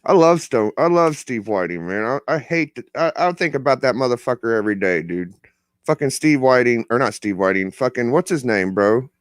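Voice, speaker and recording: Lively, profane man chatting casually. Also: medium pitch, a little fast, no echo, studio quality. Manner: profane, animated storytelling. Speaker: podcast co-host. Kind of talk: casual chat.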